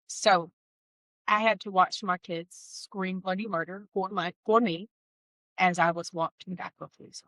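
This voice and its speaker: A woman tells her life story in an interview, candid and heartfelt, slipping in wry asides. Her voice is bright and clear. The recording is close and dry, with no room sound. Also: fairly low pitch, steady tone, normal speed, no room sound, low-quality recording. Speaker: guest sharing a personal testimony. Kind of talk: emotional personal storytelling.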